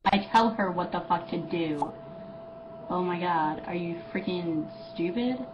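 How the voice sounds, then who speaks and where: A woman's voice: lowish voice, a little slow, highs cut off, noisy background. A woman in an online argument, exasperated and insulting.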